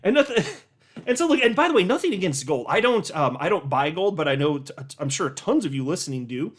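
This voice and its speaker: A man giving casual, animated commentary as a hobby YouTuber, with sarcastic asides and little rants. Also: a little high, brisk. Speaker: crypto YouTuber.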